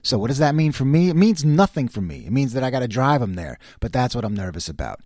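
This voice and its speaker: A man in his fifties hosting his own casual talk show, rambling and self-mocking as he jumps from quiet muttering to loud exclaiming. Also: medium pitch, very animated, quick pace, no room sound, studio quality. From New York. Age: 50s. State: slight voice cracks. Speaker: host.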